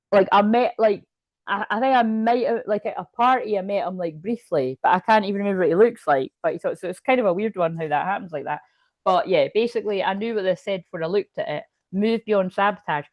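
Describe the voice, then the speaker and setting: A woman's voice: medium pitch, fairly quick, no echo, lo-fi sound. A woman doing a casual tarot reading as a psychic medium, talking in a rambling way, breaking off mid-sentence and laughing often, with hiccups. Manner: rambling, self-interrupting, chatty with frequent laughs.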